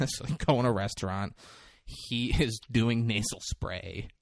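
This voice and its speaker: A man co-hosting a podcast, recapping a movie in casual chat, swearing a lot and acting out the characters' lines in lively bursts. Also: fairly low pitch, slow pace, gravelly, no echo, clean studio sound. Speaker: podcast co-host.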